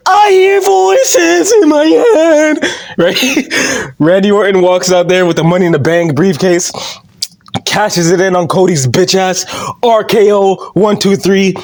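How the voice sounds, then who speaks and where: A man's voice: on the high side, a little mellow. A young man ranting casually about wrestling in a profane, heated, mocking way. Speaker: vlogger. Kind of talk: casual rant.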